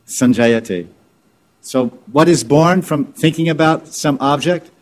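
This spiritual teacher has a slightly high voice and a slow pace. He teaches scripture informally, repeating and restarting words as he explains terms.

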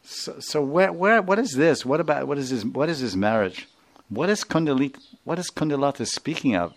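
A man's voice: fairly high pitch, animated, a little fast, pitched above the performer's own voice. A man voicing a worried, doting village mother who fusses and coaxes. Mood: incredulous. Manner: fussing, coaxing.

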